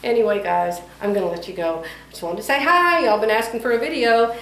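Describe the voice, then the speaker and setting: A woman's voice: a little high, fairly quick, a little hiss or hum. Chatty middle-aged woman vlogging. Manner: chatty, laughing often, animated when quoting others. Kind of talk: casual chat. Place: room in her home. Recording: roomy, from a distance.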